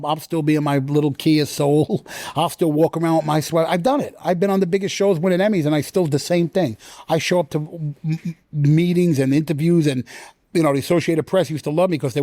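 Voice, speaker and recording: Animated, high-pitched middle-aged man telling stories. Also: fairly quick, no echo, clean studio sound. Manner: animated storyteller, acts out quotes in loud sudden bursts. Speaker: guest, actor. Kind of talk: casual interview chat.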